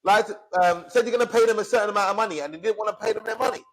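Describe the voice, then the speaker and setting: A man's voice: high-pitched, rapid-fire. A man, ranting and swearing as a podcast co-host in heated casual chat. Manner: angry, swearing, fired up.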